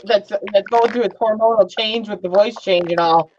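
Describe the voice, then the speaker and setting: A woman's voice: medium pitch, normal speed, a little mellow, slight background noise. A woman hosting a live stream, chatting casually and teasing her guests with frequent laughter. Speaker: livestream host. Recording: dull lo-fi stream audio.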